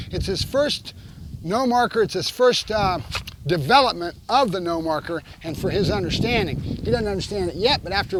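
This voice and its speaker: A man's voice: high-pitched, background noise. A man who trains dogs, explaining each step to the camera while working a puppy. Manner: coaching, talks to camera between cues to the dog. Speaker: dog trainer.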